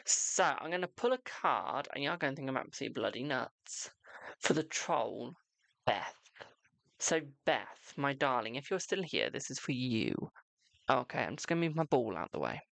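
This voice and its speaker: A man's voice: mid-range voice, sing-song, moderate pace, vocal fry, a bit bright, dry recording. An English man hosting a live-streamed tarot reading, chatty and cheeky, calling viewers "my darling" and slipping into mock-ominous warnings.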